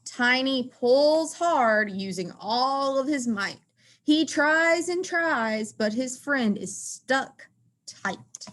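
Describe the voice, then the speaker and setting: A woman teacher reading a rhyming picture book aloud in an expressive, sing-song way. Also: sits high, very slow.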